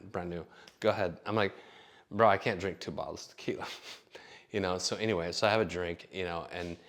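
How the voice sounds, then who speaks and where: A man's voice: sits low, fairly bright tone. A man telling a long personal story in a casual, rambling way, full of fillers and swearing. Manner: rambling, profane, filler-heavy.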